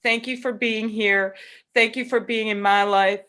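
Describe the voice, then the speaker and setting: A woman's voice: mid-range voice, fairly even intonation, measured pace, sharp tone. A woman guest teacher on a video call, earnest and playful in heartfelt talk. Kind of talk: heartfelt online chat.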